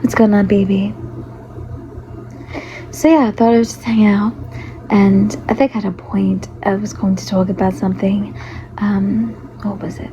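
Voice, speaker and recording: Hoarse woman rambling on a slow livestream. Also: medium pitch, level tone, dark tone. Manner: rambling, greets viewers as lovey-doveys. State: hoarse, losing her voice. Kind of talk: casual livestream chat. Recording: dull lo-fi stream audio with faint noise.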